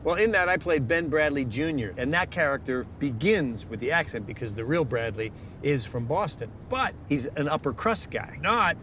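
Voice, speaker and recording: A man's voice: a little high, animated, normal speed, fairly bright tone, slight background noise. An older man, an actor playing himself, who talks in an eager, chatty way and keeps mimicking others' accents.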